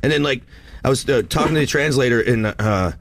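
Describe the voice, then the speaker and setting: A man in casual chat, telling an emphatic, animated story about a trip. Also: medium pitch, fairly quick, slight background noise. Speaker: traveler recounting a trip.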